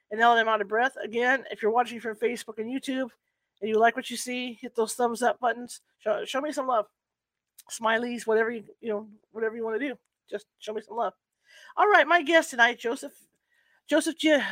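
Speaking at normal speed in a very high, steady, bright voice with a forceful edge and no echo, a man hosts a live paranormal talk show through his home computer. He chats loosely, restarting sentences and using lots of fillers while laughing at his own expense.

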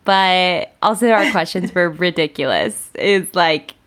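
Chatty low-voiced woman podcast host. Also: unhurried, fairly bright tone. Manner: chatty, lots of "like". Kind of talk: casual chat.

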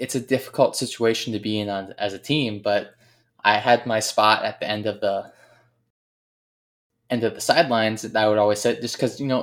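A man telling a heartfelt personal story about a late teammate, earnest and reflective, often pausing and searching for words. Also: fairly low pitch. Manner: earnest, reflective, halting with frequent pauses. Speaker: speaker remembering a late teammate.

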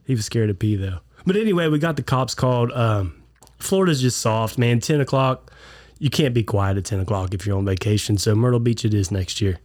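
A man's voice: lowish voice, expressive, fairly quick, darkish tone. A man chats on a podcast. His voice sounds stuffed up and congested from a clogged ear. He tells stories loosely and acts out the lines of people he quotes. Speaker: podcast co-host. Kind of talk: casual chat.

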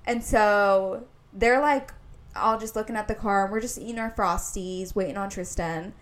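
A woman's voice: mid-range voice, normal speed. A young woman from Indianapolis, co-hosting a podcast and telling a long story in casual chat, full of "like". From Indianapolis, USA. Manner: rambling storytelling, heavy use of "like". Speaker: podcast co-host.

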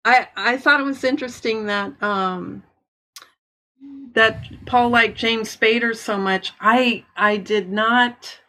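A woman sharing her views in a casual movie chat. Her voice is fairly high and bright, and she feels her way forward, restarting her sentences as she thinks. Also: takes it slowly. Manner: hesitant, restarts, thoughtful.

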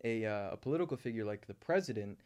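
A man's voice: on the low side, lively intonation, quick pace, darkish tone, smooth. Laid-back man on a comedy podcast. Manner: laid-back, rambling storyteller, frequent swearing. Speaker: podcast co-host. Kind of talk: casual comedy podcast banter.

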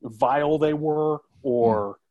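A man's voice: on the high side, slow, mellow, lo-fi sound. Man critic, emphatic casual film talk. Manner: emphatic, with filler-heavy restarts. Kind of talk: casual film review chat.

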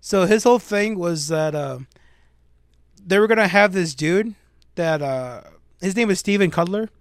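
High-voiced storytelling man, dry close mic. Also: unhurried, no room sound. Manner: animated storytelling, jokey asides. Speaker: podcast co-host. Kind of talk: casual chat.

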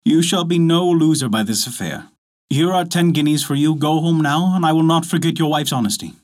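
A man voicing a young country squire in a folk tale, measured and authoritative. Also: a little high, close to an everyday voice. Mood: generous.

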